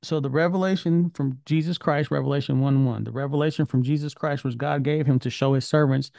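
A man's voice: a little high, fairly even intonation, fairly quick, vocal fry, dark tone, dry recording. A man teaching an informal Bible study lesson, talking in a conversational, questioning way. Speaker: Torah teacher.

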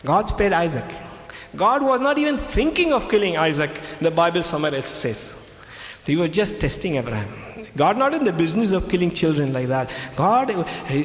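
A man lectures as a Christian speaker in a somewhat high voice, hammering on key phrases by repeating them. His English has non-native phrasing. The sound carries a long, roomy hall echo with faint ambience behind it. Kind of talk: lecture retelling scripture.

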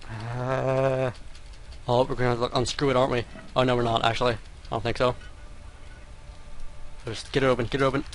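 A man's voice: mid-range voice, level tone, brisk, long pauses, slight background noise. A man commentating his own gameplay, often muttering to himself and exclaiming in frustration. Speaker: let's play gamer.

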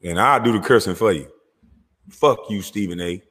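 Hosting his own show, a man talks casually and profanely in a lowish, husky voice with a Southern twang, at normal speed. He rants loud and animated, swears freely and breaks into laughs, all under a long, ringing reverb.

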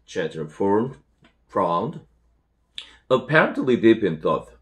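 A man's voice: medium pitch, big pitch swings. Man reading a storybook aloud. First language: Korean. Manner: unhurried, with self-corrections and fillers. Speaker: English teacher. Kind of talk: reading a children's novel aloud.

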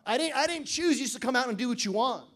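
A male pastor preaching a sermon at a church service. He swings between loud emphatic declarations and quiet joking asides, and reads scripture slowly and deliberately. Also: very high-pitched, lively intonation.

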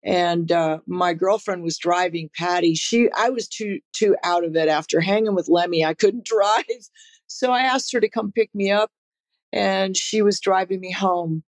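A woman's voice: on the low side, moderate pace. Laid-back woman telling rock stories. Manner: laid-back, laughs often, frequent fillers and restarts. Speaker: guest musician. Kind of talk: casual interview storytelling.

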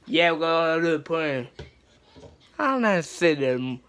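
A woman performing a comedic skit, profane and excitable, swinging from mutters to shouts. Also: low voice, takes it slowly, pauses often.

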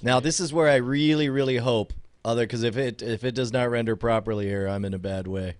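A man's voice: medium pitch, steady tone, a little fast. A man hosting a casual podcast aftershow, talking in a rambling, chatty way and laughing easily. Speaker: podcast host. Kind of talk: casual chat.

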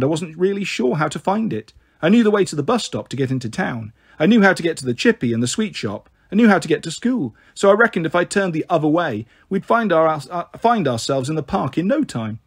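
A man reading a children's storybook aloud, expressive and voicing each character. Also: on the high side, breathy edge. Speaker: audiobook narrator.

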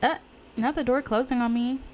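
Excitable woman reacting to a game. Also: fairly high pitch, brisk, a little hiss or hum. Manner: excitable, gasping, profane and reactive. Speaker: let's play gamer. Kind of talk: casual game commentary.

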